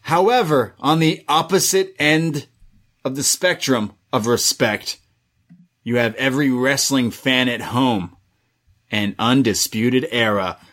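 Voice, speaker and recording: A man's voice: mid-range voice, slow pace. A man co-hosting a wrestling review podcast, chatting casually and slipping into exaggerated impressions of wrestlers' promos. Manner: animated, mimics wrestlers' promos in exaggerated voices.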